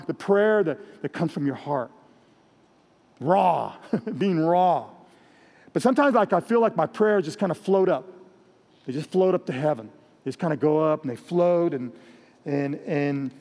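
Pastor, male, Mexican American accent, slightly high voice, earnest and direct, sermon with long hall reverb. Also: a little mellow. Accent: Mexican American English. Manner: earnest, direct, repeats phrases.

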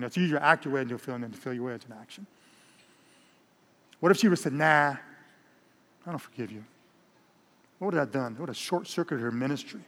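A male pastor preaching a sermon in a large church hall, telling a story in an animated way and often repeating words. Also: fairly high pitch. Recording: long reverb of a large hall.

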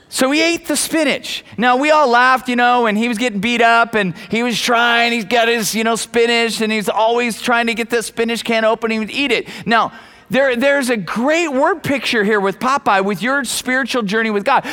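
A male preacher delivering a sermon with a bright, high voice. He talks emphatically, hammering key phrases again and again and calling out to the congregation. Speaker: pastor.

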